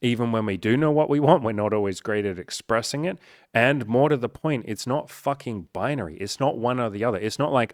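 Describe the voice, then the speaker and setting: Here is a man, speaking as a dating coach in a loose talk to camera. His pitch sits in an ordinary middle range, and he swears often and scatters filler words as he goes. The sound is dry and close, with no room echo. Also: brisk. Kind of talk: casual straight-to-camera talk.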